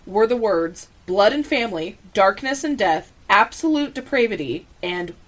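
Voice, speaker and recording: Podcast host, female, mid-pitched voice. Measured true-crime storyteller who reads the letters aloud. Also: expressive, rough recording. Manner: laughs off her own slips.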